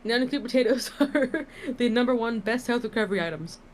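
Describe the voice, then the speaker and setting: A woman's voice: a little high, expressive, brisk, slight background noise, natural voice. A woman voicing a boastful young female monster warrior in a dating game, bubbly and full of slang. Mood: excited.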